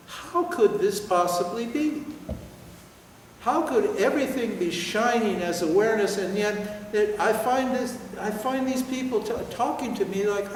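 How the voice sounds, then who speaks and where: An older man giving a spiritual teaching at a seminar, telling stories in an animated way with laughter and swearing. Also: high voice, a little hiss or hum. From United States. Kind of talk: seminar talk. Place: large hall with audience. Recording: echoey hall, voice from far off.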